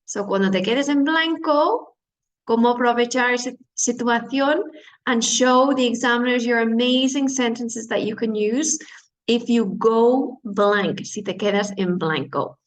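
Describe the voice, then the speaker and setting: A woman English teacher giving an online lesson, explaining slowly, repeating phrases and glossing words. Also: a little high, rough recording. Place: based in Spain.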